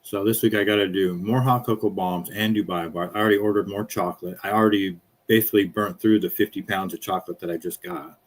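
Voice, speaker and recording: A man's voice: low voice, steady tone, quick pace, few pauses. A man hosting a casual chat, telling stories in an easygoing, chatty way. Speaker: podcast host.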